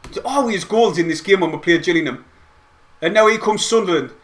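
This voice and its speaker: A man giving excitable, rambling play-by-play of a match from home, as host of a fan watch-along. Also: high-pitched, fairly quick. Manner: excitable, rambling fan commentary with mild swearing. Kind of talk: casual live play-by-play commentary. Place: at home, not at the stadium.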